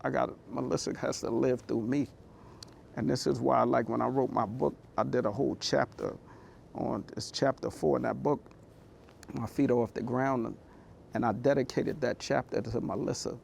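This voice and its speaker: Male motivational speaker, heavy vocal fry, mid-pitched; candid and heartfelt, talks like he's chatting. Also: fairly even intonation, normal speed, darkish tone, slight background noise. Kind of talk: personal storytelling talk.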